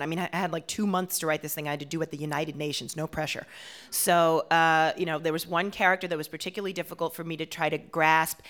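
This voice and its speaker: A woman from Washington, D.C., a performer and playwright, talking animatedly with frequent laughs in an interview. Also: fairly low pitch. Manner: animated, laughs often, quick asides. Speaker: guest, solo performer and playwright. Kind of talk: interview conversation.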